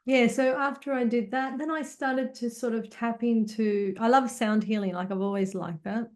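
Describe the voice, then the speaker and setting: Woman guest, lively storyteller, laughs a lot, voice a bit high, easy chat. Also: normal speed. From Australia. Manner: animated storyteller, laughs often. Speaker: podcast guest. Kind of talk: casual chat.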